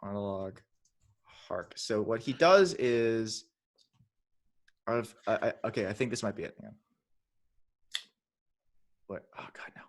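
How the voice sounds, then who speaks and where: A man's voice: fairly low pitch, lively intonation, a little slow, pauses often. A man on a podcast retelling a horror film in casual chat, rambling with restarts and acting out bits of dialogue. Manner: rambling, many restarts, acts out lines in funny voices. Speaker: podcast co-host.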